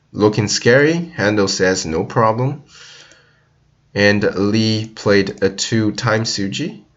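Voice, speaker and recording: A man's voice: on the low side, fairly bright tone, highs cut off. A man casually commenting on a board game, talking loosely with many fillers and restarts and briefly acting out the players' thoughts.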